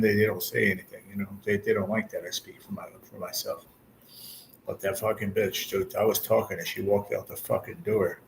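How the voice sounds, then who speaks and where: A man's voice: on the low side, gravelly, a little hiss or hum. A man in his forties chatting casually with his livestream viewers, venting bluntly and swearing often. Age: 40s. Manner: talks straight to viewers and chat. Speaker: channel host.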